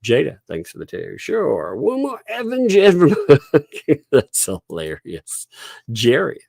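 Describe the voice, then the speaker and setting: A man's voice: deep voice, gravelly, darkish tone, no room sound, studio quality. A middle-aged man hosting a casual livestream, chuckling often as he reads out and thanks donors. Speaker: livestream host. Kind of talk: casual livestream chat reading donations.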